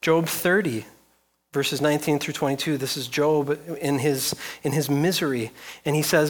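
A man's voice: on the high side, fairly even intonation, moderate pace. A man preaching a sermon as pastor, driving his points home through long rhetorical lists and repeated questions.

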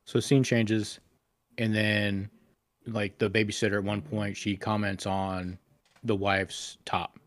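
Low-voiced man, crude casual podcast co-host. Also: flat delivery, slow, no echo. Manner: crude, rambling retelling with profanity.

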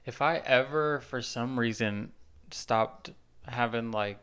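Southern man, podcast co-host, smooth mid voice, chatty and quick to tease. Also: mid-range voice, a bit bright. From Tennessee. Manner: chatty, teasing, quick to laugh. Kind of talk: casual podcast chat.

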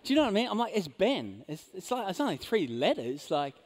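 A man with a high voice preaches a sermon as a pastor. He tells a personal story in a loose, conversational way, full of fillers. He swings from loud, emphatic lines down to hushed asides. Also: sing-song, a little fast, hardly any pauses. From Orange County, California. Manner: conversational fillers like "like" and "you know".

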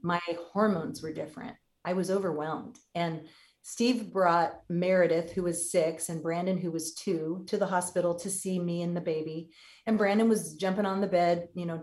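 A woman's voice: lowish voice, steady tone, moderate pace, darkish tone. A woman in her fifties, a podcast guest, telling a personal story candidly and acting out what people said. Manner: candid, acts out quoted voices.

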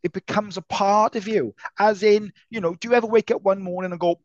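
A man co-hosting a casual martial arts podcast, an animated storyteller who swears freely and acts out voices. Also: high-pitched, fairly quick, no echo, highs cut off. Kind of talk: casual chat.

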